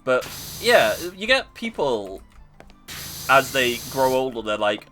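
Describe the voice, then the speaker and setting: Man, game streamer, casual rambling chat, lively pitch, faint music behind. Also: unhurried, rough recording. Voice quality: lively rambling, self-mocking. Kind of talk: casual chat while gaming.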